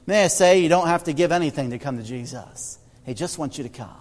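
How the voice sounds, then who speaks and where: A male pastor telling stories in a sermon, often halting and repeating words. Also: a little high, in a large hall. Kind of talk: sermon storytelling.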